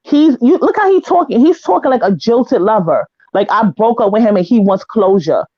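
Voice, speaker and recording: A woman on an online panel speaks at normal speed in a fairly high voice, heated, casual, blunt, and profane as she acts out what others said. Her home living-room mic gives a dry, close, slightly dull lo-fi sound with no room echo.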